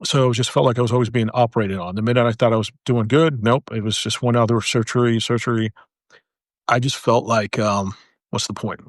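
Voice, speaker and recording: A military veteran, a man, earnestly telling his personal story, halting and repeating phrases for emphasis, and speaking softly in the heavy moments. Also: medium pitch, fairly even intonation, no echo, studio quality.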